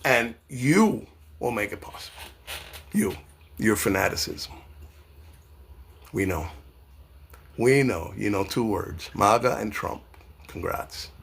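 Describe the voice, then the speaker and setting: A man from New York delivering an impassioned, profane political rant. He swings between loud outbursts and low, slow asides. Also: creaky, a little hiss or hum. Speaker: political commentator.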